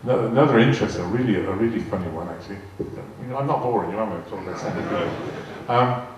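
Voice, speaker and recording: An older male raconteur with a lowish voice tells stories to a live audience at a quick pace, stumbling and repeating himself as he rambles and acts out quoted dialogue. He's a guest speaker heard from afar in a big, echoing arts hall. The sound is lo-fi, with faint noise and audience laughter.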